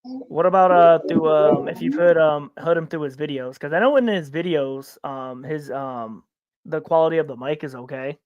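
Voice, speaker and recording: A man's voice: a little high, normal speed, no room sound, lo-fi sound. A man from upstate New York hosting a podcast in casual chat, rambling with many restarts and stammered repeats. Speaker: podcast host.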